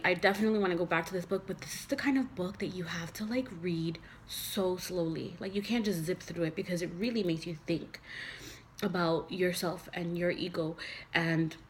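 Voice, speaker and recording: A woman with a fairly low voice shares heartfelt reflections, slowing down to press each point through repetition. Some phrases fall to a soft near-whisper. A faint hum of room ambience sits behind her. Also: low-quality recording. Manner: earnest and heartfelt, with slow emphatic repetitions. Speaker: mother sharing spiritual reflections. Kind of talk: personal reflective monologue.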